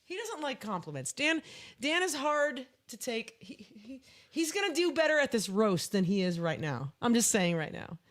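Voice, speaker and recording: A woman's voice: on the high side, very animated, normal speed. Chatty woman in her fifties. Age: 50s. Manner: chatty storyteller, acts out quotes. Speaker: podcast co-host and musician. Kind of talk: casual live podcast chat.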